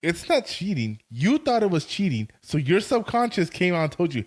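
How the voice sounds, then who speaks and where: A man's voice: fairly high pitch, big pitch swings, normal speed. Teasing male podcast co-host. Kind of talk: casual chat.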